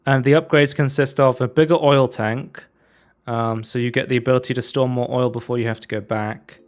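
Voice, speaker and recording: A man's voice: mid-range voice, steady tone, fairly quick. A man co-hosting a casual podcast, chatting loosely about game demos with lots of fillers. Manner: rambling, lots of fillers and likes. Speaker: podcast co-host.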